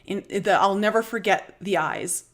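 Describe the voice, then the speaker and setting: A woman's voice: mid-range voice, moderate pace, faint music behind. Canadian woman rambling through a dream story. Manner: rambling storytelling with many fillers and small laughs. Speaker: spiritual vlogger. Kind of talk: live-stream dream retelling.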